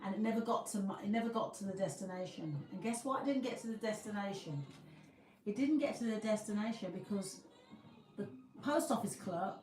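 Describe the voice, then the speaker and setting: A woman's voice: mid-range voice, far from the mic. A woman from the UK talks casually to her livestream viewers, rambling and restarting her sentences as she goes. She sits a little away from the microphone in an echoey room, with faint music playing behind her. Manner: chatty, rambling, restarts often. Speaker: livestream host. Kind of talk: casual live chat with viewers. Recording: roomy, from the mic, faint music.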